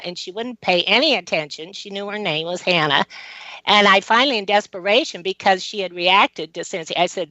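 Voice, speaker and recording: An earnest woman tells a long personal story on a talk show, wandering through fillers and restarts. Her voice is bright and forceful, and the sound is dry and dull like a lo-fi recording. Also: medium pitch, animated, normal speed, dry recording. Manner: rambling, earnest, many fillers. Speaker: guest. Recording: dull lo-fi audio.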